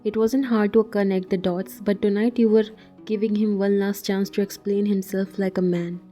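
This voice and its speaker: A woman narrating a scripted story in the second person at an even, measured pace. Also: mid-range voice, faint music behind.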